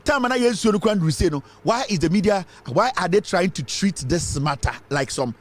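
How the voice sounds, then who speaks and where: A man's voice: sits high, expressive, normal speed. A Ghanaian man giving heated, impassioned political commentary, switching between English and Twi.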